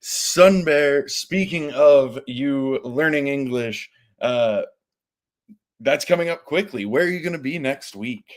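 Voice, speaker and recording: A man's voice: mid-range voice, takes it slowly. A man hosting a casual online question-and-answer chat, upbeat and teasing his guests. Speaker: AMA host.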